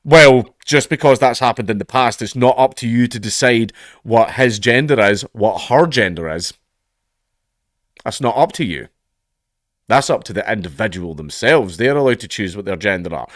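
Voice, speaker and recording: A man's voice: fairly low pitch, lively intonation, normal speed, dry recording, clean studio sound. A Scottish man reading out news stories and adding sarcastic, profane remarks with laughing asides. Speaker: commentator.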